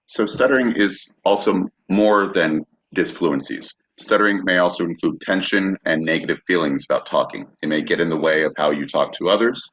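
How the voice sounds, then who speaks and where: A man's voice: low-pitched, moderate pace, hardly any pauses, fairly bright tone, highs cut off. A man co-hosting a podcast, reading a prepared text steadily and now and then stumbling on a word. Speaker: podcast co-host.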